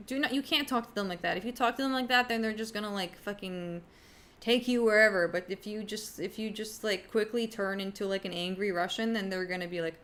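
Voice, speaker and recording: A young woman on a livestream talks loosely to her viewers, her sentences wandering and full of fillers. She swears in passing and answers chat as she goes. Her pitch sits in the middle for a woman. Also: a little fast, a bit bright. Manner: rambling, filler-heavy, swears casually. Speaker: streamer.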